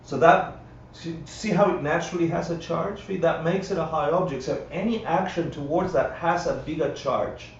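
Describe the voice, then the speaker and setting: Captured in roomy, dull livestream audio from a distance, this teacher speaks in a slightly high voice at a moderate pace with hardly any pauses. He runs a live Buddhist class in a conversational style, often checking on his audience and performing quotes, with slight background noise.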